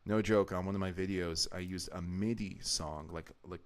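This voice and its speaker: A man's voice: deep voice, steady tone, normal speed. A man live-streaming his video editing, talking through his choices in a rambling, explanatory way and often restarting his sentences.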